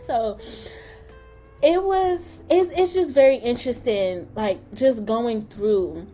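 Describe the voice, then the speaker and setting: A woman hosting a podcast, telling personal stories in a casual, animated way with playful asides. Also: a little high, slow pace, faint music behind. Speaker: podcast host.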